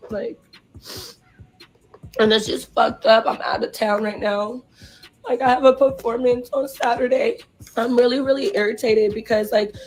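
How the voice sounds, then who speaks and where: A young woman performer, crying and hoarse, ranting profanely and in distress straight at her livestream viewers. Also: fairly high pitch, a little mellow, rough recording. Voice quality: husky. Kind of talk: emotional livestream rant.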